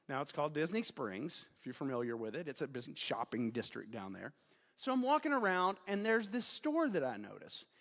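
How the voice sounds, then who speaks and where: A man in his forties, a student pastor giving a casual, self-deprecating sermon, with sudden loud emphasis. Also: on the high side, big-room sound. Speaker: student pastor, guest preacher. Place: church sanctuary.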